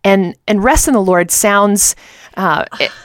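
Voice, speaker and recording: Woman in her thirties, co-host on a faith talk show, animated storyteller, mid-range voice, dry close mic. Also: mid-range voice, unhurried, no room sound. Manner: animated storyteller, acts out quotes.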